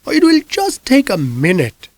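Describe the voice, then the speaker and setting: A man reading an audiobook, voicing a looming, stern older woman in a high, insistent voice. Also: huge pitch swings, normal speed, a little mellow, no room sound. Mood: pleading.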